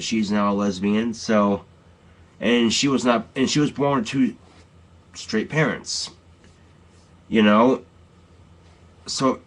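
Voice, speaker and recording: A man ranting bluntly and profanely in a casual, rambling vlog. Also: mid-range voice.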